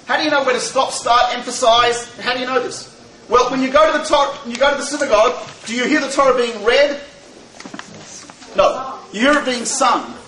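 A man's voice: very high voice, brisk, sharp tone, a little hiss or hum. A man teaching the Torah to a live audience, joking and asking rhetorical questions. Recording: echoey hall, voice from far off.

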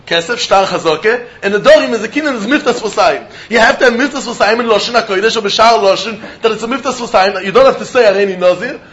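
High-voiced man giving a Talmud class. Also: fast talker, few pauses, fairly bright tone, muffled recording. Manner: Yiddish-laced English, chanting question-and-answer. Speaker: Talmud teacher. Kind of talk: Talmud lecture.

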